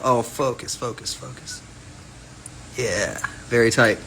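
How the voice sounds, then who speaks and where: A man's voice: mid-range voice, lively intonation, measured pace, a bit bright, a little hiss or hum, low-quality recording. A man chatting casually on a phone livestream about his own fragrance, rambling and playful as he jumps between topics.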